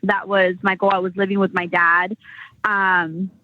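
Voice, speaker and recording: A woman's voice: mid-range voice, flat delivery, measured pace, dry recording. Rambling woman on a tinny line. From United States. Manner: rambling, many "like" fillers and restarts. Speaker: entrepreneur guest. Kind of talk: casual interview chat. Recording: tinny phone-line sound.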